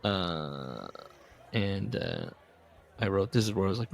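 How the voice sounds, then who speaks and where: A man hosting a casual podcast book discussion, recapping and reading passages with lively put-on voices. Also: deep voice, slow, gravelly. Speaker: podcast host.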